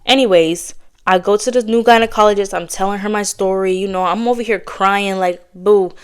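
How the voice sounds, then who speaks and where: Woman podcaster spilling her story fast, casual slang, a bit breathless, smooth clear voice. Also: mid-range voice. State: slightly out of breath. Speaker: podcast host. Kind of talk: candid casual chat.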